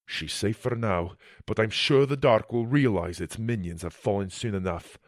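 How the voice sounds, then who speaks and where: A man voicing a grave male ship captain mentor, speaking low, quiet and solemn. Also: moderate pace, no room sound, clean studio sound, close to an everyday voice. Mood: relieved, grave.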